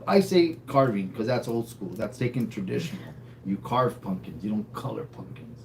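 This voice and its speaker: A man's voice: medium pitch, expressive, a little fast, slight background noise, rough recording. A man co-hosting a casual livestream, rambling and laid-back, tagging sentences with "eh". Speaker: livestream co-host.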